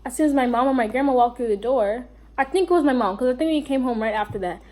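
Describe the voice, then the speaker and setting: A woman's voice: high voice, fast, dark tone. A young woman with a New York accent telling a rambling storytime vlog, full of fillers and asides. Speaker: vlogger.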